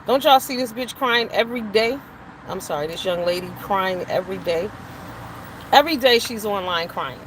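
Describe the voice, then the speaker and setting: A woman's voice: mid-range voice, normal speed, a bit bright, a little hiss or hum, rough recording. Blunt, profane woman host ranting. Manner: blunt, profane, emphatic, preachy asides. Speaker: show host. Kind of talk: opinionated casual commentary.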